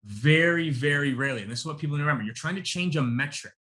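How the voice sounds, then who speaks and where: Male sales coach, emphatic webinar delivery, bright forceful tone, calls listeners y'all. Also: fairly high pitch, very fast. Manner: emphatic, punchy, addresses audience as y'all. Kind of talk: energetic live webinar teaching.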